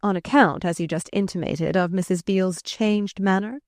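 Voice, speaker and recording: A woman voicing a charming, flustered gentleman who speaks to a child fondly and teasingly but uneasily, in an audiobook. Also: mid-range voice, moderate pace, no room sound, studio quality, close to an everyday voice.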